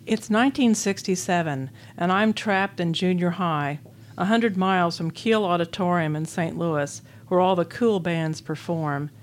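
A woman's voice: on the low side, unhurried, a little hiss or hum. An older woman from Illinois, reading her own memoir essay aloud as a guest, in a wistful, wry storytelling manner. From Illinois, USA. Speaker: author and guest.

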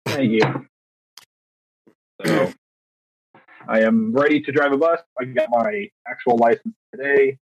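A man's voice: medium pitch, measured pace, pauses often, husky, no echo. A young man, a teacher and podcast co-host, casually telling a story, acting out quotes with lots of restarts and fillers. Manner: animated, acts out quotes, frequent restarts and fillers. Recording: dry, dull lo-fi recording.

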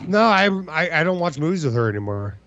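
A man's voice: fairly high pitch, very animated, quick pace, a bit bright, muffled recording. A man in his thirties hosting a podcast, rambling and exasperated, swearing freely in casual comedic chat. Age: 30s. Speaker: podcast host.

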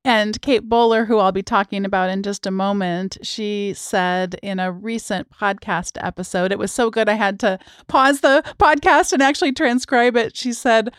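A middle-aged woman hosts a podcast conversation in a smooth, clear voice. She reads quotes out slowly and laughs easily between her questions. The sound is dry and close. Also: medium pitch, fairly even intonation, no room sound. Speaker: podcast host. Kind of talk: conversational interview.

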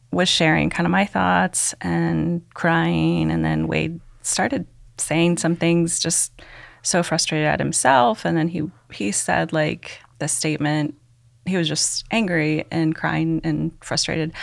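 A woman's voice: deep voice, fairly even intonation, takes it slowly, gravelly, no echo, clean studio sound. A woman, a podcast guest, giving an earnest personal testimony, rambling with many "likes" and ums.

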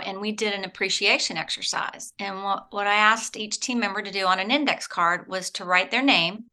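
Gravelly, bright-voiced woman consultant. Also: mid-range voice. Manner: advice-giving, affirming, coach-like. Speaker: healthcare consultant guest. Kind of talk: casual interview chat.

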